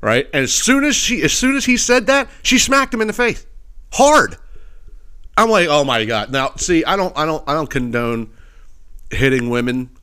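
Hosting a podcast, a man spins stories in a loose, profane rant, full of filler and laughter at his own jokes. His fairly high voice is sharp yet smooth, with big pitch swings and a moderate pace.

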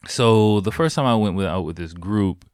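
Low-voiced man telling rambling stories. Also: moderate pace, a little mellow, clean tone, dry recording, clean studio sound. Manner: rambling, profane, laughs often. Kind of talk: casual storytelling.

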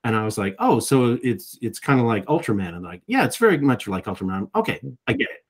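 Here a middle-aged voice actor guest speaks fast in a mid-range, sing-song voice. He offers reflective interview answers, often repeating words at the start of a thought.

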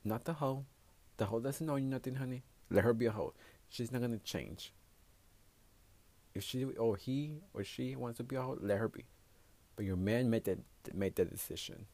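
A podcast host with a mid-range, darkish voice talks at a normal speed in a recording with no room sound. His casual solo monologue is crude and direct, moving between English and Spanish.

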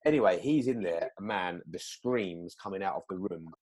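A man telling a story in casual chat, animated, acting out quoted lines with big jumps in pitch. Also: moderate pace.

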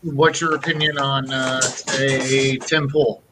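A man's voice: mid-range voice, level tone, takes it slowly, sharp tone, slight background noise. A man in a casual stream chat, blunt and offhand.

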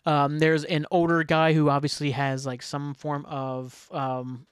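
A man with a slightly high voice hosts a podcast in loose, casual chat. He rambles through his thoughts, piles on filler words and breaks into laughs now and then. The sound is dry and close. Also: little pitch movement, measured pace, clean tone, dry recording. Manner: laughs while telling. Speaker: podcast host.

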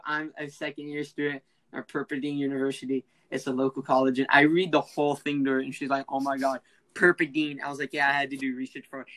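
A teenage boy hosting a casual podcast, telling a prank story in an excitable, laughing, slangy way and acting out the voices. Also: fairly high pitch, rough recording. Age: teens. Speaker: podcast host.

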